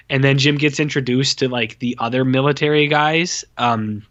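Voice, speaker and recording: A man in casual podcast chat, tearing into a movie with blunt, profane complaints. His voice is getting a little hoarse, and the recording sounds dull and lo-fi. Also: medium pitch, normal speed, hardly any pauses, a bit bright. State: voice going hoarse. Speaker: podcast co-host. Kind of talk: casual film review chat.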